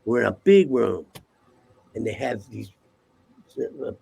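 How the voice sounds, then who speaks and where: Gravelly older man telling rambling stories. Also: medium pitch, big pitch swings, slow, warm tone. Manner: profane, rambling, keeps asking okay?. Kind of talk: casual storytelling.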